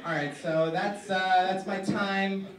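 Halting young man doing stand-up. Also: high voice, fairly even intonation, heavy background noise. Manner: halting, with repeated restarts. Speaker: stand-up comedian. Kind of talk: stand-up comedy set. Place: university comedy stage. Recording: echoey room, from far off.

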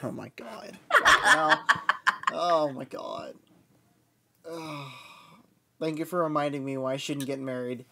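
Low-voiced woman hosting a gaming podcast. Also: expressive, unhurried, vocal fry, long pauses, bright, forceful tone. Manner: teasing, swears and laughs often. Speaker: podcast host. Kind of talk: casual gaming podcast chat.

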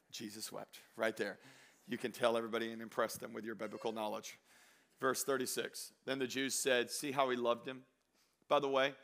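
A male pastor preaching a sermon, who swings between loud exhortation and quiet scripture reading and acts out the voices he quotes. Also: medium pitch.

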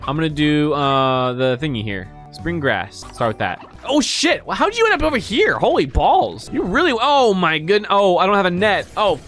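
Young guy yelling and cursing at his game, high lively voice jumping all over, bit of music behind. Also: normal speed, few pauses. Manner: excitable, swears, shrieks with delight. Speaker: gaming streamer. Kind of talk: excited gameplay commentary.

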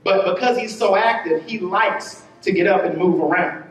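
A man preaching a sermon as pastor, telling a story with quick bursts and drawn-out words. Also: high-pitched, a little hiss or hum. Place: church sanctuary. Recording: roomy church hall, voice from a distance.

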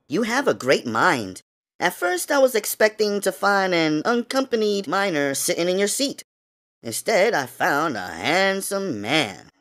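Guy putting on a soft high flirty flight attendant voice, hushed n teasing, audiobook style. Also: very animated, unhurried, full character voice.

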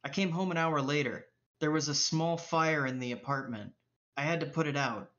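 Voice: medium pitch, normal speed, a bit bright. Gm narrating a tabletop game, loose and sweary, lots of uh and um, muffled stream audio. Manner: loose, profane, filler-heavy. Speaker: game master.

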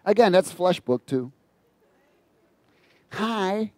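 Fired-up preacher, a man with a high voice. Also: measured pace, dry recording. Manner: animated, mocking and laughing at his own asides. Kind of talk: informal sermon on a psalm.

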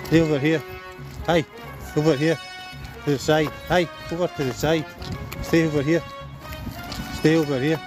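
A man's voice: on the high side, steady tone, moderate pace, long pauses, music in the background. A Scottish man chatting on a live stream while walking his dog outdoors, joking, swearing and snapping commands at the dog. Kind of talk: casual live-stream chat. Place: outdoors in a park and by roads.

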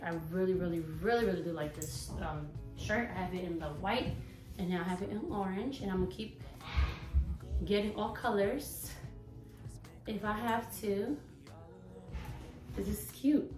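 Woman vlogger, chatty try-on haul, a bit breathless, far from the mic, roomy echo, faint music behind. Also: mid-range voice. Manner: chatty and playful, hyping herself up. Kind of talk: casual try-on haul chat.

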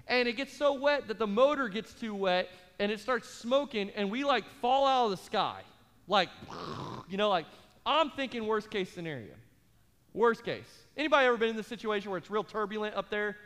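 A pastor preaching a sermon, telling a comic story with acted-out voices before turning calm and earnest. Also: male voice, high-pitched, moderate pace. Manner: animated storyteller, acts out voices, later calm and earnest in prayer. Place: large church auditorium. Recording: live church hall reverb with faint music.

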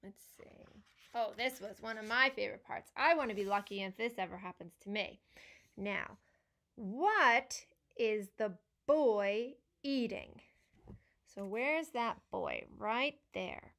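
Reading a picture book to a group of children, a young female speech-language pathologist poses questions and praises the answers in a slow, encouraging way. She speaks at a medium pitch, and her tone is a bit bright.

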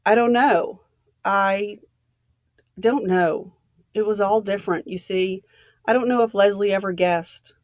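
Old soldier, gentle and grave, low-key; read by a woman. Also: steady tone, unhurried, long pauses, no echo, studio quality, lightly acted. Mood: musing. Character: old male army general, quiet and weary.

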